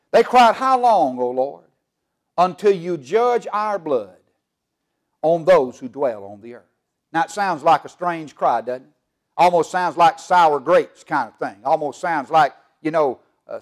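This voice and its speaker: A man's voice: a little high, a little mellow. A man preaching a sermon as pastor of a church, building emphasis and asking the congregation questions. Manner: preaching with swelling emphasis and call-and-response questions. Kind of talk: fiery Southern Baptist sermon. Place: church sanctuary.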